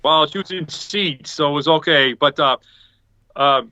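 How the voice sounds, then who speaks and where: A man's voice: on the high side, unhurried, sharp tone, no room sound. A man telling a rambling story in a casual chat over a video call, acting out what other people said. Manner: rambling, acts out quoted people. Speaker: podcast panelist. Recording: dull lo-fi video call audio.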